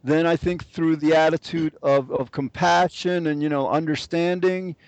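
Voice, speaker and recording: A man's voice: fairly high pitch, fairly even intonation, normal speed, no room sound, highs cut off. A man in a casual podcast discussion, agreeable, restarting often and using fillers. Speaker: podcast guest.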